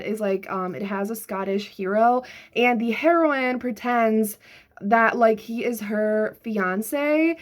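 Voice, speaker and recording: A young woman talking casually about the books she is reading, with many filler words. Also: on the high side. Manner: chatty, lots of "like" fillers. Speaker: book vlogger. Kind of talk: casual chat.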